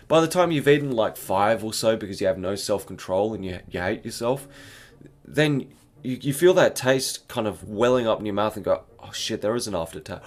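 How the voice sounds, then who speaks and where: Lively young man in a profane rant. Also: mid-range voice. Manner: exaggerated, profane, mock-dramatic. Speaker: vlogger reviewing candy. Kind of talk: comic rant review.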